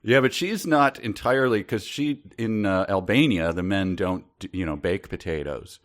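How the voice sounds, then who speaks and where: A man's voice: lowish voice, normal speed. A man from Minnesota, co-hosting a comedy book podcast and making dry, wry jokes. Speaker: podcast co-host. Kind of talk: casual comedic book discussion.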